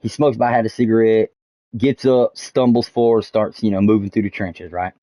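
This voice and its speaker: A man's voice: fairly low pitch, steady tone, moderate pace, warm tone, dry recording. A man streaming a game, telling a long story in a loose, rambling way, full of fillers and swearing. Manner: rambling, many fillers and restarts, swears often. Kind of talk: casual storytelling while gaming. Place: home streaming setup. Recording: dull dry lo-fi mic.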